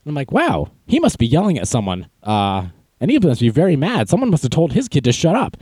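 A young man hosts a podcast, telling stories in a casual, self-mocking way. His pitch swings widely as he talks, and he jumps into a high voice to act out quotes. The sound is dry and close. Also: wildly swooping pitch, a little fast, a little mellow, husky, no room sound. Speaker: podcast host. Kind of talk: casual storytelling monologue.

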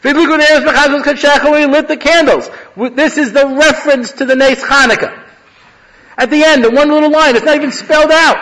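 A man's voice: very high-pitched, fairly bright tone, rough recording. A man, a rabbi, giving a conversational Torah class, mixing Hebrew phrases into his teaching. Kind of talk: lecture-style Torah class.

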